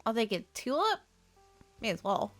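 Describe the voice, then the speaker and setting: A woman chatting casually to herself while decorating in a life-sim game, giggling and thinking out loud. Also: on the high side, big pitch swings, normal speed, soft background music. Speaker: game streamer. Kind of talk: casual gameplay commentary.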